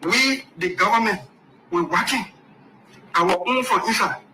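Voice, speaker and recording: Emphatic high-voiced man, echoey. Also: unhurried. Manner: emphatic, repeats warnings. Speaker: government official. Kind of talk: public statement. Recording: echoey room with loud background noise.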